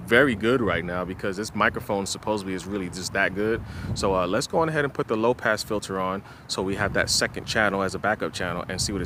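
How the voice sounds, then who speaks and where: A man vlogging outdoors while testing microphones, talking loudly to carry over the wind, with the camera held at arm's length. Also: fairly low pitch. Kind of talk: casual outdoor vlog. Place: outdoors in strong wind near a tripod. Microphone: camera mic held at arm's length. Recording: loud wind noise outdoors.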